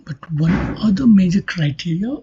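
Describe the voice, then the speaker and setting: Woman doing a recorded lecture, low mellow voice, half-whispered bits. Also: lively intonation, moderate pace, a little hiss or hum. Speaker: linguistics lecturer. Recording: dull lo-fi recording.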